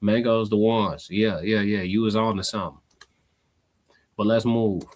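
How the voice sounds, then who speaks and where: Brief: lower-voiced man, streamer host, slang, laughing asides. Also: fairly even intonation, unhurried. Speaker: live show host. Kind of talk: casual reaction commentary.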